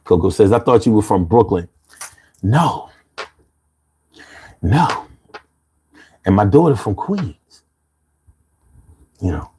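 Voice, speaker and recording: Streetwise Philly-accented man in his fifties hosting a live stream, lively swings in pitch, laid-back and quick to laugh. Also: slightly rough. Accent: Philadelphia. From Philadelphia, USA. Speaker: livestream host. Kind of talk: casual live chat reading comments.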